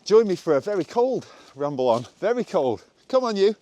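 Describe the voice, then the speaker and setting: Bloke, slightly higher voice, rambling self-mocking chat on a walk, handheld camera. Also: male voice, sing-song, moderate pace, mellow. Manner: chatty and self-mocking, breaks into laughter. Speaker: vlogger. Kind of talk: rambling walk-and-talk vlog. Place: outdoors on a country walk.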